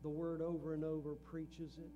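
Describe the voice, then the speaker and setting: A man's voice: fairly high pitch, little pitch movement, normal speed, lo-fi sound. A middle-aged man preaching a sermon in a church, earnest, with a rising and falling preaching cadence. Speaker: pastor. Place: church sanctuary.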